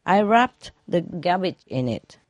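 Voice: mid-range voice, very animated, measured pace, highs cut off. A joke teller voicing a wife who answers in a blunt, matter-of-fact way.

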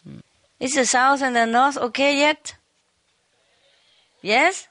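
A woman's voice: high voice, steady tone, slow pace, a bit bright, no echo. A woman teacher giving an informal talk to a retreat audience, teasing them playfully with frequent laughter and switching between English and Chinese.

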